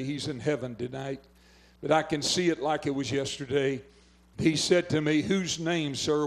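An older man from Oklahoma, a pastor preaching fervently at a revival and telling a story. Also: on the high side. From southwestern Oklahoma. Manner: fervent preaching, urging callers to phone in. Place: revival tent.

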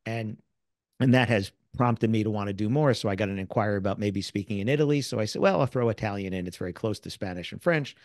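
An American man, middle-aged, speaking as an interview guest and sales author, telling lively stories and acting out the people he quotes. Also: lowish voice, fast talker, dry recording, studio quality. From United States. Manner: animated storyteller who acts out quoted people. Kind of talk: casual interview storytelling.

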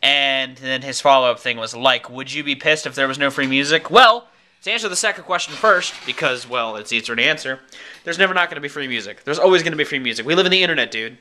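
A man's voice: mid-range voice, animated, fast talker, bright, forceful tone, poor audio. A young man talking casually in a daily vlog, rambling and opinionated, swearing freely. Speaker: vlogger.

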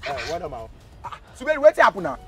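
A young man with a Nigerian Pidgin accent, a comedian in a sketch, loud and boisterous, swinging between shouts and mutters. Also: high-pitched, wildly swooping pitch, rapid-fire, lo-fi sound, music in the background.

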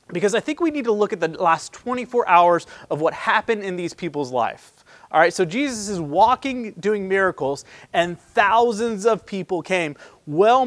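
A man preaching a sermon as pastor, talking to the congregation in a casual, conversational way, punching some phrases loudly and dropping others to a near hush. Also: sits high, dry recording.

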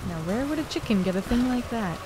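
A woman's voice: fairly high pitch, animated, fast talker, noisy background. A woman co-hosting a let's-play, chatting and teasing casually while her partner plays. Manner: chatty, teasing, asks questions. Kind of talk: casual gameplay chat.

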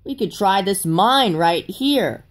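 A woman voicing Dennis, a calm, friendly male diesel engine in a homemade toy train story, easygoing and matter-of-fact. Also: mid-range voice, slow, a little hiss or hum, voice pushed up.

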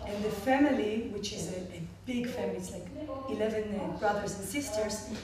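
A woman's voice: medium pitch, crowd noise. Israeli woman medical clown telling a story, laughs a lot, far off mic, big echoey hall w audience noise. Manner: animated storyteller, laughs often, halting restarts. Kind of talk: personal story told to a panel audience.

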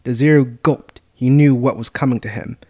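A man's voice: mid-range voice, steady tone, normal speed, darkish tone, breathy edge, no room sound. Man reading a fan storybook aloud. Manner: plain reading with occasional stumbles. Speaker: narrator. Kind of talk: hobby storybook narration.

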